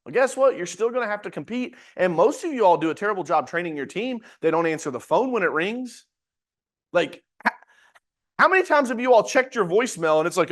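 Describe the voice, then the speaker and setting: Brief: male sales coach running a webinar, high and very animated voice, punchy and slangy. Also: a little fast. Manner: energetic, emphatic, slangy, addresses audience directly. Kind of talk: live webinar teaching.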